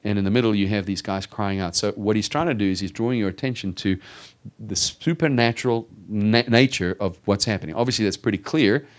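A man with a somewhat low voice, speaking a little fast, preaches an expository sermon as a pastor teaching the Bible. He's emphatic and teacherly, often stammering and restarting phrases, and gets louder on readings.

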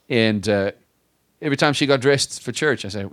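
A man preaching a sermon in a conversational, self-deprecating way, rising in pitch and volume for emphasis and slowing on key phrases. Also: expressive, a bit bright. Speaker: pastor.

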